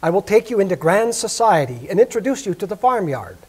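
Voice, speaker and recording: A man's voice: sits high, big pitch swings, fairly quick, a little mellow, breathy edge, pitched above the performer's own voice, exaggerated voice. A man doing a fussy proud mother duck. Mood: fussing.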